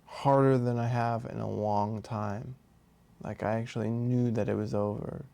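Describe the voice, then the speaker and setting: A man telling a personal story in a rambling, halting way, with many restarts and fillers. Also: mid-range voice, fairly even intonation, gravelly, warm tone. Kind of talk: casual storytelling monologue.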